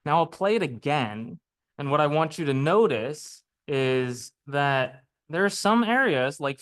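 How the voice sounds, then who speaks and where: Naturalist guy lecturing a room, clear and resonant voice, easygoing and chatty. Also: fairly high pitch. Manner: chatty, lively explainer with frequent "right?" and "okay?". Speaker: naturalist speaker. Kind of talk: public lecture with slides. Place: lecture room before a live audience.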